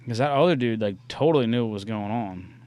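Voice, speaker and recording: A young man co-hosting a podcast, casually chatting, laughing often and swearing as he tells animated stories. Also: medium pitch, fast talker. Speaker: podcast co-host. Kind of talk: casual chat.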